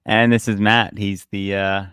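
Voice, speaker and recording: A man's voice: on the low side, flat delivery, measured pace, a bit bright, clear, resonant tone, no echo. A young man co-hosting a podcast, chatting casually, telling stories and swearing freely. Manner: loose, swearing, storytelling banter. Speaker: podcast co-host.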